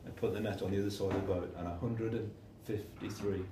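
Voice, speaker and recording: A man gives an informal sermon, chatting through stories and doing the voices of the people in them. His voice is lowish with a steady tone, and he talks fast. He sounds distant in an echoey room with background noise.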